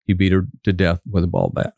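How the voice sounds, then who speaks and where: Fast, sing-song, and creaky yet mellow, this low-voiced older man spins folksy anecdotes as an interview guest, acting out what people said. He's a former trooper turned physician from West Virginia, recorded dry.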